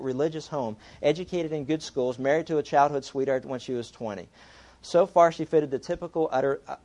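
A man's voice: a little high, a little mellow. A male pastor delivering a sermon in a loose, conversational way. He slips into acted voices to play out the people in his examples and in the story he reads. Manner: conversational preaching, acts out voices when reading a story aloud.

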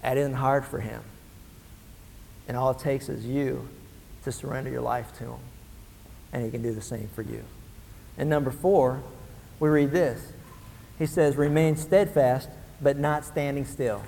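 A man preaching a sermon as pastor, swinging from hushed to shouting. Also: medium pitch, a little slow, creaky, pauses often, a little hiss or hum. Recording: reverberant hall.

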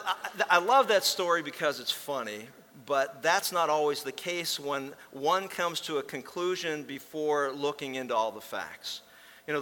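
A man's voice: medium pitch, bright, forceful tone. A man preaching a sermon as pastor, with folksy storytelling and emphatic repetition. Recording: long reverb in a large hall.

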